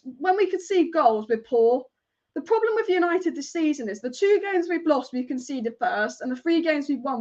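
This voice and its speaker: Chatty woman fan streaming a match. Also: high voice. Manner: chatty, swears and shouts at the referee. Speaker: football fan channel host. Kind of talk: live match watch-along commentary. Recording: slightly dull lo-fi stream audio.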